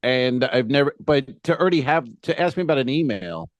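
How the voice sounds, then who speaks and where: A man co-hosting a comedy podcast, telling an exasperated story in a casual, animated way. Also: medium pitch, brisk, dry recording, highs cut off. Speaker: podcast co-host and cruise ship entertainer. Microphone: podcast mic on a boom arm.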